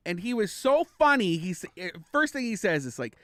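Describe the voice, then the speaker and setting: A young adult man telling a story on a podcast, animated and acting out the people he quotes. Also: high-pitched, a little fast, no echo. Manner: animated, acts out quoted voices. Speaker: guest comedian.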